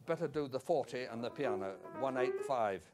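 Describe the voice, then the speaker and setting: A man coaching a flute student in a masterclass, singing phrases in nonsense syllables to show how they go and giving brisk, playful instructions. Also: mid-range voice, lively intonation. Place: music school teaching room or hall. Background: flute and piano playing.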